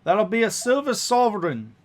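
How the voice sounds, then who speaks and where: A man voicing a brusque, coin-hungry woman carriage driver who barks her lines loudly. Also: sits high, very animated, normal speed, pitched above the performer's own voice. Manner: loud, clipped, barking.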